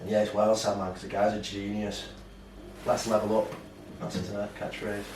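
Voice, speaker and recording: A man, co-hosting a podcast in casual, animated chat, swearing and acting out quotes. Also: lowish voice, moderate pace. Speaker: podcast co-host. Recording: roomy, distant mic with faint noise.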